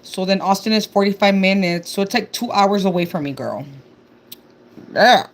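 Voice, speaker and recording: A woman's voice: mid-range voice, expressive, normal speed, a little hiss or hum. A young woman with a Texan accent chatting casually on a live stream, reading viewer comments aloud and calling everyone "girl". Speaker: livestreamer.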